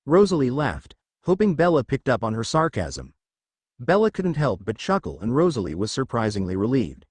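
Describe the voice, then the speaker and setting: Man narrating a story, lively pitch. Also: moderate pace, no echo. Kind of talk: audiobook narration of fan fiction.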